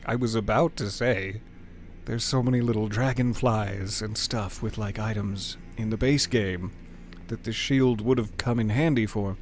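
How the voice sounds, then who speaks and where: A man's voice: lowish voice, steady tone, measured pace, soft background music. A man streaming a video game, talking casually and playfully to the game and his chat, sometimes reading item text aloud in a mock-dramatic way. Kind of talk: casual gameplay commentary.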